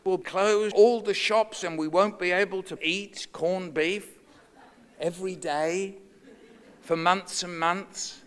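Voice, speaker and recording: A man's voice: sits high, fairly even intonation, takes it slowly, fairly bright tone. A man speaking in a dry, matter-of-fact way in a cut-up comic monologue.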